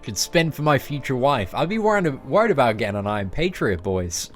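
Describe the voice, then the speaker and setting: A young man chats his way through a mobile game stream, answering viewers and cracking jokes. His pitch swings widely as he talks, while soft music plays faintly behind him. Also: big pitch swings, fairly quick. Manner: chatty, joking, reads out chat messages. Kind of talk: casual live-stream chat.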